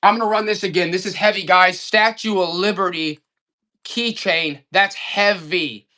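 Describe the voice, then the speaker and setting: On a live auction stream, a man with a high voice talks at a moderate pace, hyping every item and chatting with his viewers in the excited style of a hype salesman.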